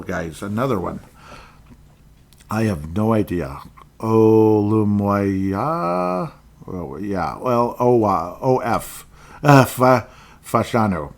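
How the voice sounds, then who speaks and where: A man from Minnesota hosting a podcast, rambling through casual sports talk, going off on tangents, and speaking his mind bluntly. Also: fairly low pitch. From Minnesota, USA. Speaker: podcast host.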